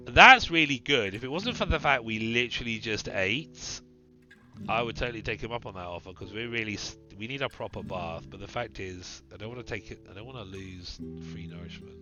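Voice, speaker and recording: Hombre bromista que lee un juego en directo. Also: male voice, lowish voice, a little fast, highs cut off, music in the background. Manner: wry, chatty. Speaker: streamer. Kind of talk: reading a text game aloud and chatting.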